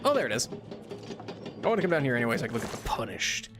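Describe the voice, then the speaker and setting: A young male streamer talks through his gameplay in a loose, rambling way, laughing often and restarting his sentences. His pitch swings widely, and he turns bright and high whenever something startles him. Game music plays clearly underneath. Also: big pitch swings, racing, pauses often. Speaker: VTuber streamer. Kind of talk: casual gameplay commentary.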